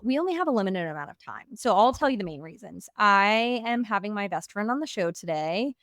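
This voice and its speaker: A woman's voice: medium pitch, animated, a little fast, fairly bright tone, dry recording, clean studio sound. A young woman hosting a podcast, chatting casually in a bubbly, gushing way and saying "like" often. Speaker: podcast host.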